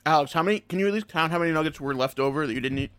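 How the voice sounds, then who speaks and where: Man, podcast co-host, teasing, quick talker, slightly high voice, dry sound. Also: fairly bright tone, clear, resonant tone, no room sound. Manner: teasing and fast-talking. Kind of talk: casual chat.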